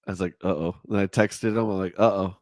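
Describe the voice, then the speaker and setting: A middle-aged man with a nasal voice, hosting a casual morning livestream chat in a relaxed, chatty way. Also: low voice, quick pace, dry recording, studio quality. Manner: relaxed, chatty, laughs easily. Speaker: livestream host.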